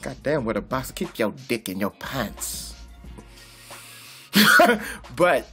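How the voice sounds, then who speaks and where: A man doing loud, profane, comedic boxing commentary in a vlog, laughing often and calling out like a preacher. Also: mid-range voice, very animated, slow pace, soft background music. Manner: boisterous, profane, laughs a lot, preacher-style call-outs. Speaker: boxing vlogger.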